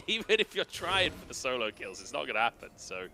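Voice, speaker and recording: Bright, lively male esports caster. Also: mid-range voice, brisk, gravelly. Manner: lively, laughing banter. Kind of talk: live color commentary.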